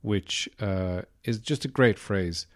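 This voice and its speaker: An Irish man hosts a podcast, speaking slowly in a lowish voice. He rambles through a wry, casual comic monologue packed with fillers.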